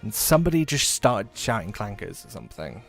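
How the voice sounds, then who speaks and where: A man's voice: on the low side, very animated, fairly quick, vocal fry, faint music behind. A man chatting casually while live-streaming a game, rambling and swearing freely.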